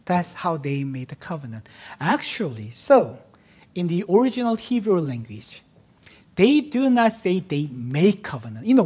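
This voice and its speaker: A man, a pastor, preaching an expository sermon, moving between casual asides and emphatic declarations that fall to hushed tones. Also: sits high, breathy edge. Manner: emphatic, swings from loud declarations to hushed near-whispers; conversational asides amid teaching.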